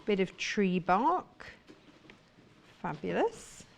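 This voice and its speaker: A woman's voice: medium pitch, big pitch swings, very slow, creaky, slight background noise. A woman presenting sewing products on a live shopping channel, talking with gushing enthusiasm. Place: TV studio.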